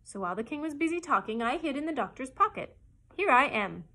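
A woman reading aloud, voicing a clever, bossy female parrot with a crisp, self-assured manner, a little raised and breathy. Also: sits high, sing-song, brisk, pushed and bright, voice pushed up, full character voice, low-quality recording. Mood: explaining.

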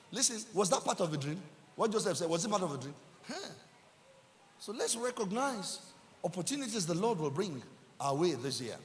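A man with a Nigerian accent, a pastor preaching a sermon in church, building up to shouted emphasis and repeating his lines. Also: sits high, big pitch swings, a little fast, big-room sound, slight background noise.

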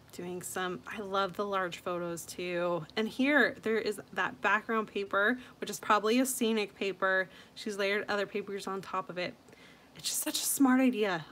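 A woman's voice: mid-range voice, a little hiss or hum. Gushing, chatty woman scrapbook host. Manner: chatty and gushing, with frequent soft asides. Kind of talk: casual chat reviewing viewers' layouts.

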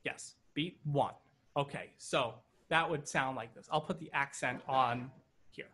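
A man's voice: mid-range voice, measured pace, sharp tone. A man teaching an online drum lesson over a video call, counting triplets aloud in rhythm and joking now and then. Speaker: drum instructor.

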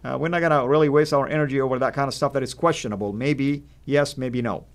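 A man co-hosting a live stream, reading out viewer questions and giving his views in a halting, casual way. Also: medium pitch. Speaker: co-host.

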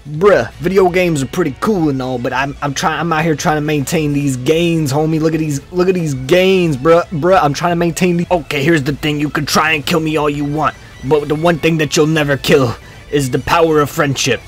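A man's voice: fairly high pitch, moderate pace, soft background music. A young man giving goofy, slangy comedic commentary over his own gameplay, trash-talking the other players. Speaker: gaming video creator.

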